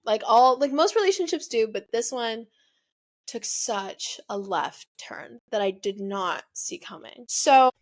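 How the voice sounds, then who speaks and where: A woman's voice: a little high, lively intonation, a little slow. Young woman rambling through a personal story. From United States. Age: young adult. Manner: rambling, heavy use of "like", emotional confessional. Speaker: podcast host.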